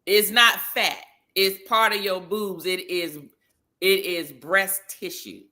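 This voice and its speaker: A woman co-hosting a casual live talk show, animated and emphatic, who repeats phrases for effect and laughs often. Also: medium pitch, slow pace. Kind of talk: casual livestream chat.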